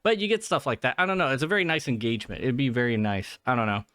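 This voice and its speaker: A man's voice: medium pitch, fast talker, fairly bright tone, dry recording, clean studio sound. A young man hosting his own podcast, ranting in a heated, profane way and tagging his points with "okay?". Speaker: podcast host. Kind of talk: solo podcast rant. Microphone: podcast mic.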